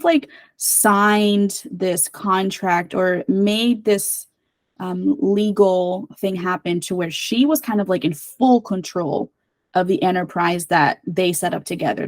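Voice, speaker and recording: ضيفة بودكاست مرحة تتكلم بتردد. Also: female voice, on the low side, a little slow, dry recording. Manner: bubbly, hesitant, many fillers. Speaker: guest co-host. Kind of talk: casual book club chat.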